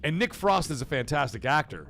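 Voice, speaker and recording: A man's voice: a little high, very animated, fairly quick, a bit bright, faint music behind. A man hosting a livestream, chatting casually and profanely in a rambling way while reading chat messages. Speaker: livestream host.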